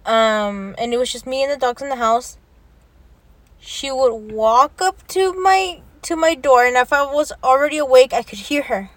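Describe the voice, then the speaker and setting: A woman's voice: high voice, normal speed, no echo. A young woman in casual chat who swears freely, laughs often and drops Spanish words into her talk. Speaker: vlogger.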